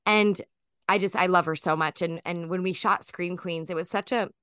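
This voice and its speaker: A woman's voice: on the low side, steady tone, moderate pace, sharp tone, clear, resonant tone, no room sound, clean studio sound. A woman in her thirties, a guest chatting casually in an interview, rambling with lots of fillers and restarts.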